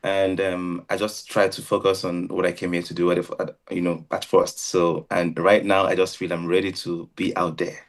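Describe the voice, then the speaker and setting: A man in his thirties from Nigeria with a Nigerian accent, speaking politely and softly as a contestant. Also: low voice, little pitch movement, moderate pace, few pauses. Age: 30s. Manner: polite, soft-spoken. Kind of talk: casual chat.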